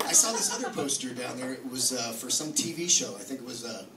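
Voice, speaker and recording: A man's voice: medium pitch, animated, fast talker. A man with a New Jersey accent doing a brash, profane stand-up comedy set. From New Jersey, USA. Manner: brash, profane, swings into loud mock-angry bits. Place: comedy club stage. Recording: echoey club from far off with noise.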